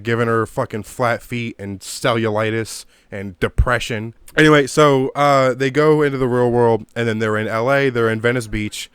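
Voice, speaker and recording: Male creator doing a home-mic rant review. Smooth, resonant voice, dry close sound, profane and rambling. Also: medium pitch, fairly bright tone, dry recording. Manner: profane, rambling, gets worked up. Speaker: video creator reviewing a movie. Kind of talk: casual ranting commentary. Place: home room. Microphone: own desk mic.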